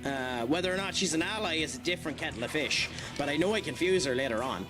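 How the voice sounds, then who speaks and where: A man's voice: on the high side, expressive, fast talker. A man with an Irish accent streaming a video game live, chatting and joking with viewers between fights. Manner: chatty and jokey, with many fillers. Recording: game music behind voice. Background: game music.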